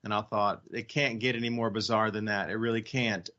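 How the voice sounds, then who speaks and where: A man's voice: on the low side, steady tone, fairly quick, pushed and bright. A man hosting a radio talk show, rambling with sarcastic asides. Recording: slightly dull lo-fi audio.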